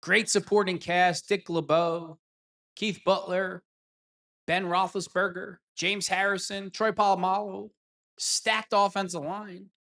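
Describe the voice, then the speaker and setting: A man's voice: high-pitched, flat delivery, slow pace, vocal fry, bright, forceful tone. A man hosting a solo live-stream sports talk show, rambling and mocking in a sarcastic tone.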